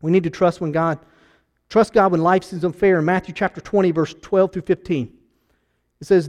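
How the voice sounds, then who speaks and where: Male pastor, high voice, preaching with big loud-to-hushed swings. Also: normal speed, pauses often. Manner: swings between loud emphatic rises and soft hushed drops. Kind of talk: sermon.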